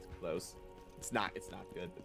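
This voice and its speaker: A man with a low-pitched, creaky voice streams a game while music plays, speaking at a moderate pace as he jokes around and talks animatedly with his viewers.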